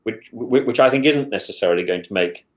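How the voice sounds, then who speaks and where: A man in casual podcast talk, speaking haltingly with many stammered restarts. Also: fairly low pitch. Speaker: guest, former contestant. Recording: roomy echo.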